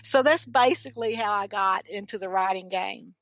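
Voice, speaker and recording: A woman's voice: mid-range voice, moderate pace, a bit bright, dry recording. A woman with a thick Georgia accent, a guest author telling chatty stories in a casual interview. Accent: Georgia Southern. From Georgia, USA.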